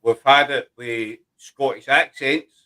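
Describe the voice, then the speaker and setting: A man hosting a chat show, explaining things in a rambling, halting way. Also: mid-range voice, steady tone, pushed and bright. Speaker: host. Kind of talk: casual chat.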